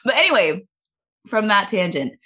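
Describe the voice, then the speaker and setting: A woman's voice: mid-range voice, sing-song, normal speed, sharp tone, breathy edge. A woman hosting a podcast in casual, joking chat, laughing often between remarks. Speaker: podcast host.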